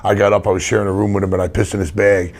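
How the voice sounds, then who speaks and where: A man's voice: fairly low pitch, level tone, racing. A middle-aged man, a wrestler telling rambling stories full of restarts in a casual interview. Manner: rambling anecdotes with many restarts. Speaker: wrestler guest.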